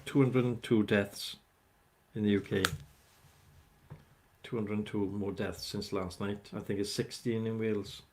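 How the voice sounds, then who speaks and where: A man with a lowish, somewhat mellow voice hosts a casual livestream, rambling and chatting with viewers whom he names directly.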